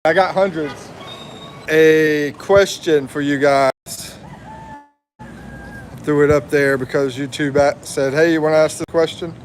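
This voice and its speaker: A slow-talking American man in his fifties chats easily on a livestream and answers viewers one by one. His voice sits a little high for a man, with faint street noise behind him. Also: fairly even intonation. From USA. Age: 50s. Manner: slow, chatty, reads viewer comments aloud and laughs often. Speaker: livestream host. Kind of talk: casual livestream chat.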